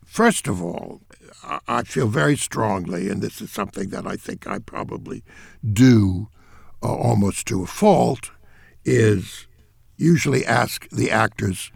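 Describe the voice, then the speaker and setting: An older man, a theater director, giving interview answers in an emphatic, animated way. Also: mid-range voice, moderate pace, creaky, breathy edge, no echo, clean studio sound.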